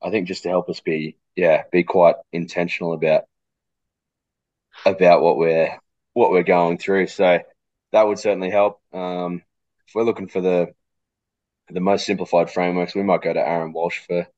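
A man, a coach speaking as a podcast guest, thoughtful and pausing to repeat words, with a cough. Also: deep voice, level tone, a little mellow, dry recording, lo-fi sound. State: coughing fit. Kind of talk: casual interview chat.

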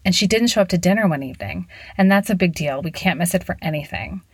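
A woman's voice: lowish voice, expressive, fast talker, husky, dry recording. A woman voicing a chatty, dramatic teenage girl.

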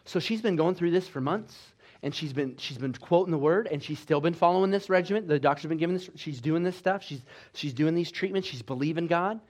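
Male preacher, fairly high voice; exhorting sermon delivery, loud bursts and quiet drops. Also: brisk, hardly any pauses. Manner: exhorting, with call-and-response asides; swings between loud emphasis and quiet, low delivery. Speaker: pastor.

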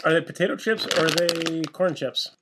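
A man's voice: on the high side, steady tone, moderate pace, noisy background. A middle-aged man co-hosting a podcast in casual chat, throwing in dry, short quips. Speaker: podcast co-host.

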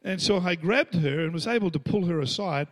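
A man's voice: sits high, fairly quick. A middle-aged Australian man preaching a storytelling sermon, acting out the voices he quotes and laughing between lines. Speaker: pastor.

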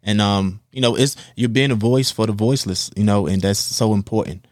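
A man's voice: fairly low pitch, brisk, no echo, studio quality. A man hosting a podcast, reassuring and encouraging his guest with a lot of fillers. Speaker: podcast host. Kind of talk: supportive interview conversation. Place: podcast studio under lights.

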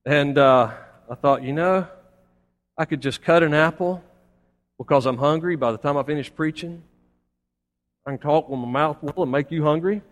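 A man's voice: on the high side, normal speed, pauses often. A man preaching a Sunday sermon as pastor, building to emphatic points between folksy asides to the congregation. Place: church sanctuary. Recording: long hall reverb.

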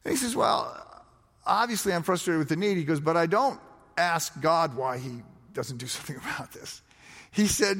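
A man preaching a sermon, telling stories with lively quoted voices and frequent word repeats. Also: on the high side, normal speed. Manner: storytelling, animated, repeats words when quoting others. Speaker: pastor. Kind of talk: sermon with told anecdotes. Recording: long reverb of a large hall.

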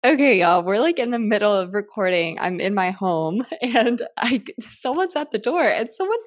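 An effusive woman hosts a podcast from her home, gushing and swearing casually as she speaks to listeners. Her voice sits at an ordinary middle pitch. The sound is dry and close, with no room echo. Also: big pitch swings, moderate pace. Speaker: podcast host.

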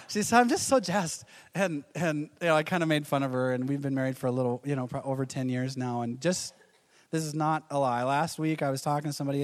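A man's voice: mid-range voice, in a large hall. A man in his thirties preaching a sermon to a church, telling stories with quoted voices and chuckles. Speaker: pastor.

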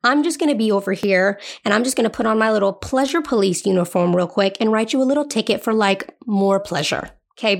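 A woman's voice: medium pitch, vocal fry. A woman hosting a podcast in a casual solo chat, playful and chatty, often checking in with the listener. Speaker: podcast host.

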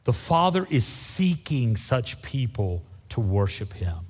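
Lively preacher in a reverberant hall. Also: male voice, mid-range voice, slow, few pauses. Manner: lively preaching, acts out Bible voices, casual asides. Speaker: pastor. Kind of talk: sermon.

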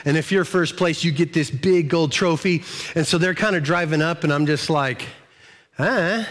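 A man's voice: fairly high pitch, moderate pace. Conversational man preaching a sermon. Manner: conversational, repeats words and restarts, animated storytelling. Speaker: pastor.

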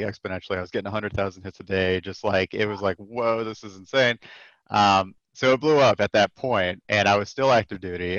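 A man's voice: on the low side, dry recording, highs cut off. A man in his thirties, a podcast guest, telling a casual story with lots of filler words and frequent laughs. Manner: animated, laughs often, many filler words. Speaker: podcast guest, comic creator.

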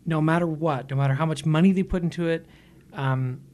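A man's voice: a little high, a little fast, darkish tone. A man co-hosting a movie podcast in casual, joking chat, laughing often. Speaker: podcast co-host.

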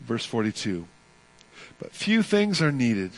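A man's voice: medium pitch, big pitch swings, slow pace. Male pastor, mid-range voice, emphatic preaching, rises and drops in volume. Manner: emphatic, rising and falling delivery with repeated phrases. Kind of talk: sermon.

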